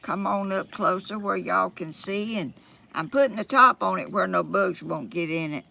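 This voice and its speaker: A woman's voice: mid-range voice, moderate pace, gravelly, sharp tone. A woman with a Southern US accent, rambling in a folksy way on a live stream from her phone outdoors, a little out of breath. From Georgia, US South. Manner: rambling and folksy, with frequent laughs and fillers. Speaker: vlogger.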